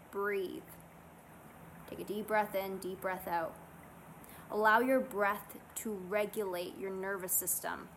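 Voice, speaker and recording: A woman vlogger talking casually and earnestly to camera, guiding listeners through calming self-help steps. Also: mid-range voice, slight background noise, poor audio. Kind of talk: casual motivational talk to camera.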